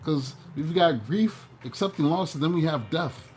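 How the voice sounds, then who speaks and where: A man giving a casual tarot reading, playful and animated, breaking into joking mock voices. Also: fairly high pitch, moderate pace. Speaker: tarot reader.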